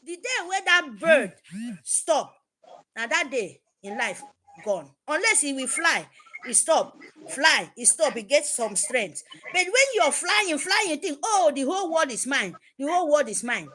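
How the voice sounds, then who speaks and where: A woman's voice: sits high, very animated, unhurried, bright, forceful tone, slight background noise. A woman with a Nigerian accent, giving an impassioned, repetitive address to her supporters. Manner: fervent, emphatic, repetitive. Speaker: activist speaker.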